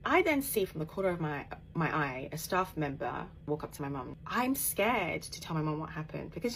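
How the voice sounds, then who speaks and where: A woman tells a personal story at a rapid clip, animated and emphatic. Her voice sits low, and a faint hiss of background noise runs under her talk. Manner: animated, emphatic, laughs while telling. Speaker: author and podcaster. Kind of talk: casual storytelling.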